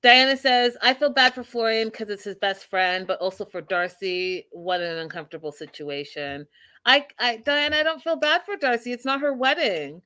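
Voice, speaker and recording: A woman's voice: a little high, moderate pace, pushed and bright. A woman hosting a casual live-stream recap of reality TV, chatty and opinionated, with many fillers.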